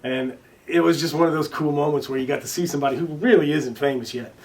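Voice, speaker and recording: A man chatting as an interview guest, his voice sitting a bit high for a man and picked up from some distance off the mic. He rambles through his anecdotes, restarting sentences, filling pauses and swearing casually. When quoting others he acts their lines out loudly. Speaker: interview guest, recording artist. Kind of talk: casual storytelling in conversation.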